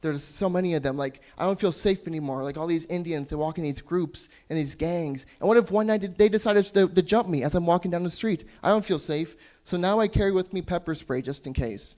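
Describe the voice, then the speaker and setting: A man's voice: on the high side, brisk, hardly any pauses, a little mellow, close to an everyday voice. A man voicing an upset woman who rants on social media in a fearful, complaining way. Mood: anxious complaining. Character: upset woman ranting online about immigrants.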